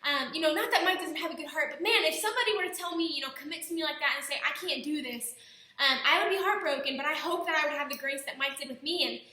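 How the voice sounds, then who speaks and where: A young woman with a high, bright voice speaks earnestly to her viewers, tripping over herself and restarting sentences as she goes. She sounds like she's talking at home, in a very echoey room. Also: rapid-fire, few pauses. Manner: earnest, talkative, many restarts. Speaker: vlogger. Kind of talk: casual personal vlog. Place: indoors at home.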